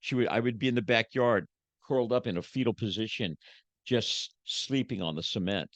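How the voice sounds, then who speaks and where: A man, a motivational speaker, giving an emotional personal testimony as a podcast guest, shifting from hushed to emphatic like a preacher. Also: medium pitch, moderate pace, no room sound.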